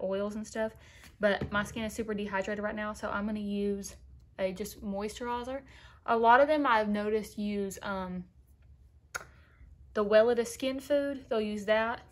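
A young woman talking casually to viewers in a makeup tutorial, chatty and sassy, calling them girl. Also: medium pitch. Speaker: beauty vlogger.

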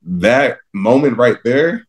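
A young man from Texas, a pro linebacker, telling stories in a casual interview, lively and laughing often as he acts out his younger self. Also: medium pitch, takes it slowly. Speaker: guest, professional football linebacker.

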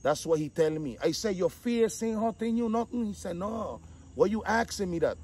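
High-voiced man telling a street story. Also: normal speed, breathy edge. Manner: animated, acts out quotes, repeats 'dog'. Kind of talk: casual storytelling.

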